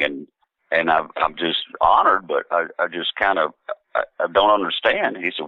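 A low-voiced man spins a loose, rambling yarn, stopping and restarting with plenty of "uh"s. His voice comes over a tinny, phone-like line with no room sound around it. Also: animated, moderate pace, dry recording. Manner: rambling, laid-back, many fillers and restarts, quotes others in voices. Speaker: musician guest. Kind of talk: casual anecdotal storytelling.

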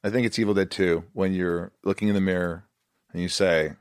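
A man's voice: low-pitched, fairly even intonation, a little fast, clean tone, dry recording, studio quality. A man hosting a casual interview, asking eager fan questions and swearing casually. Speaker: podcast host.

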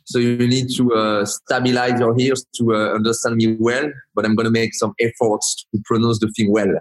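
A man in his forties with a strong French accent, a podcast guest talking with many pauses and restarts. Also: medium pitch, level tone, poor audio. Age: 40s. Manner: hesitant, many restarts and fillers. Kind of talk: casual interview talk.

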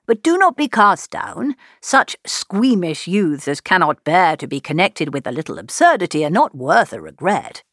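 A woman's voice: on the low side, very animated, normal speed, hardly any pauses, a bit bright, no room sound. An older father speaks with dry, teasing irony, as a woman reader puts him on. His lines rise and fall freely. The voice is close and dry. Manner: dry, ironic.

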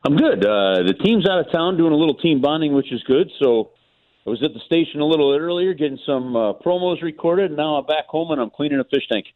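A man talks by phone as a radio guest, chatty and animated, often repeating his words as he goes. The line is tinny and narrow, like a phone call. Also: a little high, fairly quick. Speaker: team play-by-play broadcaster, guest. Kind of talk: casual phone-in chat, storytelling.

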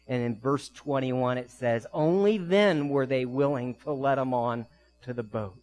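A man preaching a sermon as pastor, telling vivid stories in quick bursts and slowing down to soft, quiet emphasis. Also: mid-range voice, faint music behind, poor audio.

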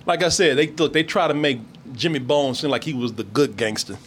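A man's voice: mid-range voice, brisk, a bit bright, a little hiss or hum. A man chatting casually about a movie, laughing and swearing as he acts out scenes. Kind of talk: casual movie review chat.

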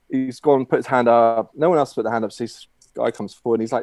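A man's voice: medium pitch, brisk, creaky, darkish tone, dry recording. A man telling a long shaggy dog story in a casual, rambling way, full of fillers and restarts. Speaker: guest.

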